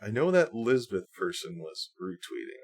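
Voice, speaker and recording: Hosting a casual livestream, this man reads posts out loud and ridicules them in fake whiny voices, his sarcastic rambling full of fillers and false starts. His voice is lowish and sing-song with a darkish tone, moving at normal speed against slight background noise.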